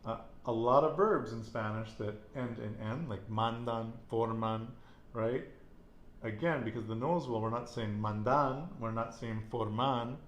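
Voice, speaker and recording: A man's voice: medium pitch, normal speed, roomy sound, slight background noise. A man teaching a casual Spanish lesson, patiently repeating words and quizzing his student.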